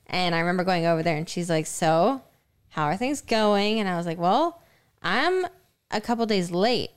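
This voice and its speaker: A young woman with a clear, resonant, somewhat low voice co-hosts a podcast, telling a personal story in casual conversation full of filler words.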